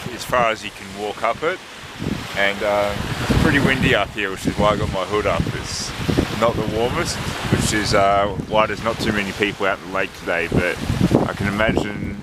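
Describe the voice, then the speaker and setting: A deep-voiced man, a travel vlogger and marathon runner, narrates a casual walking vlog in a relaxed, chatty way, thinking aloud. He's outdoors on a windy lakeside and in a hillside town, and wind and traffic noise come through the recording.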